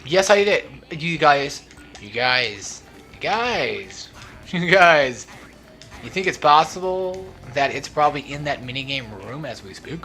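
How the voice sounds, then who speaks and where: Rambling young man with a bright voice. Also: on the high side, animated, measured pace, soft background music. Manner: rambling, drifts off topic; joking, laughs often. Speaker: let's play host. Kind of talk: casual gaming commentary. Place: at home, not alone.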